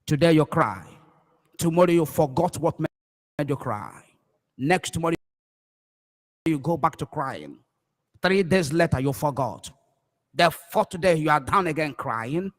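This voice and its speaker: A Nigerian man preaching fervently on a livestream, repeating phrases emphatically and swinging between loud cries and hushed words. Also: a little high, expressive, a little slow, pauses often, big-room sound. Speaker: pastor.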